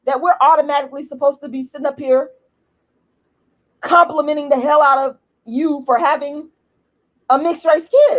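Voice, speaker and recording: High-voiced black american woman going off on camera, cussing, repeating herself, fired up. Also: fairly even intonation, moderate pace, pauses often. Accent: African American English. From United States. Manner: blunt, profane, repetitive and heated. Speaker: YouTube commentator. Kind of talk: emphatic personal rant to camera.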